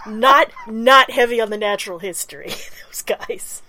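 A woman co-hosting a casual podcast chat, wry and quick with a joke. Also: fairly high pitch, pushed and bright, rough recording. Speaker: podcast co-host.

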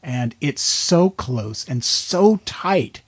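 A man hosting a casual panel chat with voice actors, asking halting questions. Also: medium pitch, lively intonation, slightly rough, no echo. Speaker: host.

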